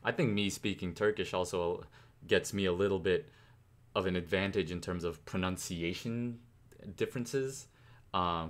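A young man with a low voice hosts a rap reaction video. He rambles loosely, full of "um" and "like", and speeds up whenever he gets excited about the rhymes. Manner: rambling, enthusiastic, many fillers. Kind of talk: casual music reaction commentary.

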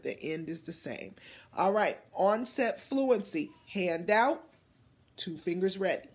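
A woman teacher leading a phonics lesson for young children, slowly and deliberately modeling words and encouraging them. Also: mid-range voice, creaky, darkish tone, breathy edge.

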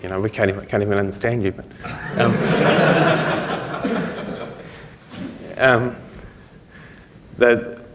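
A man's voice: fairly low pitch, expressive, extremely slow, pauses often, heavy background noise. A man with a New Zealand accent giving a conference talk in a loose, rambling way, with many fillers, restarts and chuckling asides. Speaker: conference speaker. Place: lecture hall. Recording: lecture hall with long reverb.

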